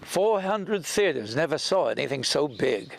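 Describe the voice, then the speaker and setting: A man's voice: a little high, very animated, unhurried, gravelly, a little hiss or hum. An older man reminiscing in an interview about acting in a film, telling stories animatedly and acting out quoted lines. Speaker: actor recalling a film role.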